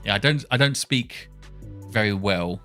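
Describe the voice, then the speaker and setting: Low-voiced man thinking aloud. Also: measured pace, sharp tone, faint music behind. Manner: muttering, self-correcting, chuckles at himself. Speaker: programmer testing speech software. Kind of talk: casual thinking-aloud coding session.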